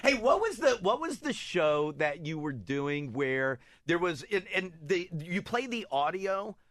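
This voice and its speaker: A man in casual chat who asks quick questions and gives short replies. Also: high-pitched, big pitch swings, fairly bright tone.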